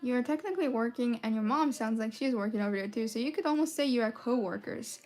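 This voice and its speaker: Young woman on a chill coloring stream, bit high pitched, playful and giggly. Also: quick pace, a little mellow, slight background noise. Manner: playful and giggly, jumps between topics. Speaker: live streamer. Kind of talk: casual live-stream chat while coloring.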